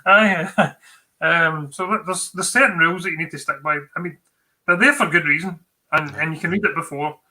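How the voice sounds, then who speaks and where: A man's voice: fairly high pitch, moderate pace, bright, forceful tone, poor audio. A Scottish man co-hosting a tech livestream, giving exam tips in a chatty, informal way with many fillers and restarts.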